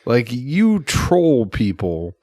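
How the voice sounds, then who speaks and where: Animated joking man co-host. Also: mid-range voice, very slow, no room sound, clean studio sound. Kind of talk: casual banter podcast.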